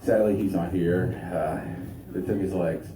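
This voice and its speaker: A man's voice: low voice, steady tone, a little slow. A young man doing a crude, profane stand-up set with crowd work, recorded from a distance in a noisy, echoey small venue. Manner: crude, profane, laid-back delivery. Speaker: stand-up comedian.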